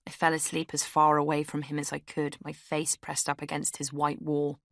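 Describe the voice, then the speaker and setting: A young woman narrates her own memoir with candid, wry delivery. Her voice sits low. The studio sound is dry and close. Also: completely flat delivery, normal speed, a bit bright, dry recording. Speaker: author reading her memoir. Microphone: studio microphone.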